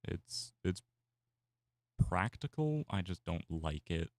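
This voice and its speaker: A man's voice: low voice, big pitch swings, slow, no room sound, clean studio sound. A man whose first language is Spanish, rambling casually with many fillers while he draws on stream. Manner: rambling, musing aloud with fillers. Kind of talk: casual chat while drawing.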